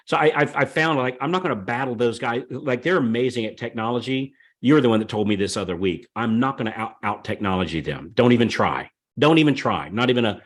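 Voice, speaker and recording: A man hosting a podcast in casual conversation, speaking emphatically in short repeated lines. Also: medium pitch. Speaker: podcast host.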